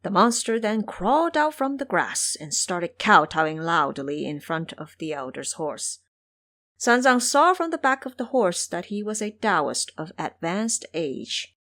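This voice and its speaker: A woman narrates an audio drama with expressive, story-told delivery. Her voice sits on the low side and moves widely in pitch. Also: a little slow.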